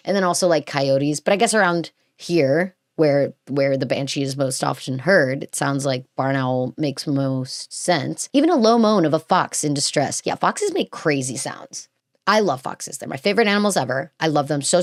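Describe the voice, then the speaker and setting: A woman's voice: deep voice, no echo, clean studio sound. A woman hosting a podcast, reading a script aloud and breaking off into chatty, gushing asides full of fillers. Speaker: podcast host. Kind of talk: casual chat reading and reacting to a script.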